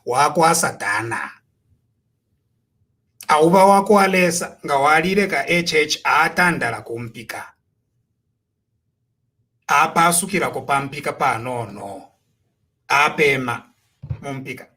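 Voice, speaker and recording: Zambian guy ranting about politics, high-ish voice, preachy, lots of rhetorical questions. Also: a bit bright. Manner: preachy, rhetorical, switching between Bemba and English. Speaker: political commentator. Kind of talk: impassioned commentary.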